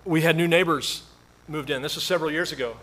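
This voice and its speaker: A male pastor delivers a sermon in a relaxed, conversational way, telling stories and poking fun at himself. His voice sits a little higher than most men's. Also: fast, slight background noise. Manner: conversational storytelling with self-deprecating humor.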